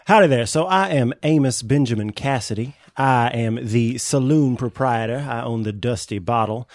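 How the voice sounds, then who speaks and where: A man's voice: medium pitch, dry recording, natural voice. A man voicing a folksy, shady male saloon owner who lends money in a tabletop role-play podcast. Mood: sly. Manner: folksy, slow, veiled threats.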